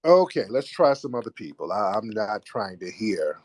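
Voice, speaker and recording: A man hosting a live call-in debate, forceful and insistent, repeating his points and cutting callers off. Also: lowish voice, sing-song, normal speed. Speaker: host of a live call-in audio show.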